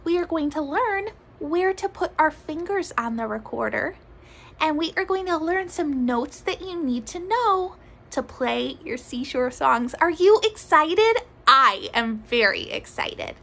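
A woman music teacher leading a children's recorder lesson, speaking gently in a sing-song way and sometimes dropping to soft whispers. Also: high voice, animated, a little slow, vocal fry, low-quality recording. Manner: drops to soft whispers to demonstrate.

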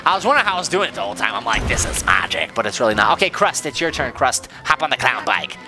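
A man hosting a let's-play, joking excitably as he plays a game, with game music behind him. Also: mid-range voice, racing. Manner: excitable, goofy, jokey. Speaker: gaming channel host.

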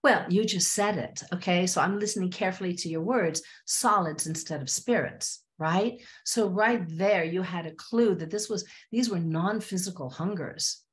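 A woman therapist appearing as a podcast guest tells stories from her practice, animatedly acting out both her clients' voices and her own. She has a lowish voice and speaks at a moderate pace with few pauses.

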